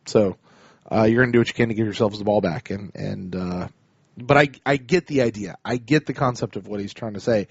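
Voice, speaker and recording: A man's voice: lowish voice, fairly quick, creaky, husky, no echo. Man chatting dry on a dull podcast mic. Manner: laid-back, chuckling, lots of fillers. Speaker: podcast co-host reading listener emails. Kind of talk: casual sports chat.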